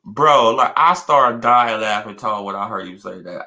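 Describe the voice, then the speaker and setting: A young man ranting in a casual live stream, trash-talking with lots of repetition and bursts of loud laughter. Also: fairly low pitch, normal speed, hardly any pauses. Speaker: boxing commentary streamer.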